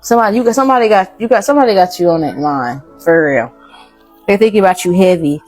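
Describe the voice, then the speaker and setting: A woman's voice: lowish voice, lively intonation, fast talker, a little mellow, faint music behind. Blunt, slangy woman reading tarot. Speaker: tarot reader.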